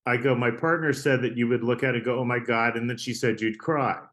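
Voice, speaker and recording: Guy rambling through a story on a podcast, lots of "like" and "right?", mid-pitch voice. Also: fairly even intonation, quick pace, a bit bright. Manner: chatty, rambling, frequent "right?" and "like". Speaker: artist guest. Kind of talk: casual storytelling interview.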